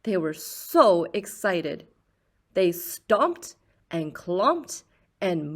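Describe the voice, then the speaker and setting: A woman reading a children's picture book aloud in a slow, expressive storyteller's voice. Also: fairly low pitch.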